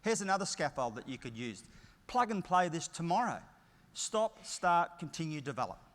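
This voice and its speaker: A man's voice: a little high, very animated, fairly quick, fairly bright tone. A middle-aged Australian man giving a motivational conference keynote, emphatic and story-driven with punchy short phrases. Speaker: keynote speaker. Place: large conference hall. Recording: long hall reverb.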